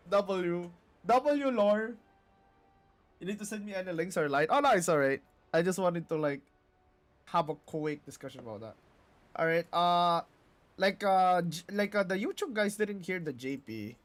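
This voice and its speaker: A streamer reacting loosely and excitably during a live card game stream, swearing freely. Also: mid-range voice. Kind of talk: casual live-stream commentary.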